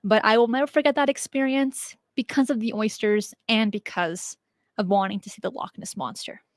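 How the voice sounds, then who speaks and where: Young woman chatting w her viewers, lively n laughy, pretty dry sound. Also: a little high, normal speed, dry recording. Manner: chatty, animated, laughs easily. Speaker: channel host answering viewer questions. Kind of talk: casual chat.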